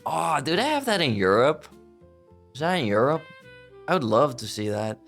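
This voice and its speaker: A man's voice: mid-range voice, very animated, moderate pace, vocal fry, fairly bright tone, faint music behind. A man streaming live as a VTuber, chatting casually and playfully, often giggling and bursting into theatrical outbursts. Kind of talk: casual livestream chat.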